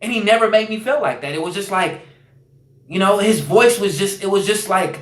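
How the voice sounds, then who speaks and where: A man's voice: sits high, moderate pace, roomy sound. A man telling his own story as a podcast guest, earnest and repetitive, with lots of "like" and "you know". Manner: earnest, repeats phrases, many fillers. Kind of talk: personal storytelling.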